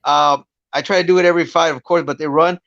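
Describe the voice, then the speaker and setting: High-voiced, blunt fighter on a lo-fi line. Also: male voice, steady tone, quick pace, creaky, fairly bright tone, no echo. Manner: blunt, profane, rambling. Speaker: guest fighter. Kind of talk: casual podcast chat.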